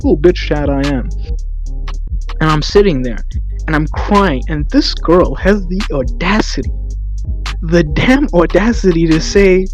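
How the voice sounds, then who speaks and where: A man's voice: high-pitched, moderate pace, soft background music. Young man telling crude comedic stories. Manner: animated, crude, self-mocking with put-on quotes. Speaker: podcast co-host. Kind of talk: casual comedic storytelling.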